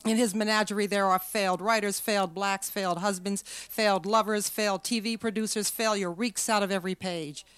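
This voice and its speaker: A woman reading her own fiction aloud at a literary event in a measured, expressive way. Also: mid-range voice, clean tone, dry recording. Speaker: author reading her work.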